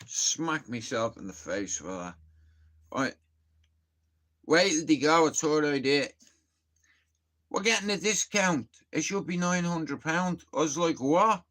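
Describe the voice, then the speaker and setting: Pitched fairly high and fairly bright, the young Irish streamer's voice is expressive and a little slow, with long pauses. In his casual live-stream chat he swears his way through rambling stories and laughs at them.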